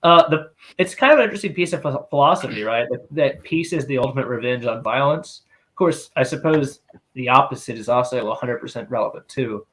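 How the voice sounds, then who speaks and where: A man's voice: medium pitch, a little fast, a bit bright. A man co-hosting a casual podcast chat, joking and laughing often. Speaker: podcast co-host.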